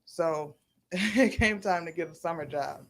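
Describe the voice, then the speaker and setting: A middle-aged woman from Niagara Falls, New York, a radio show guest who tells a personal story in an animated way, acting out other people's voices and laughing as she talks. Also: lowish voice, a little slow. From Niagara Falls, New York, USA. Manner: animated, acts out quoted voices, laughs while telling.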